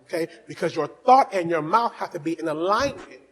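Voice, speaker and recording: A male pastor preaching a fervent sermon, dropping to soft asides and then rising to shouting as he urges on the congregation. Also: fairly high pitch, lively intonation, fairly quick, poor audio. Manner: exhorting the congregation.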